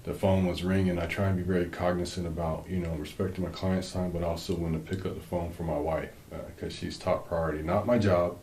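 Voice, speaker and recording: A man's voice: low voice, little pitch movement, brisk, hardly any pauses, a little mellow, reverberant, slight background noise, low-quality recording. A man co-hosting a faith-based marriage talk with his wife, speaking earnestly and rambling with frequent restarts. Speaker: co-host, husband.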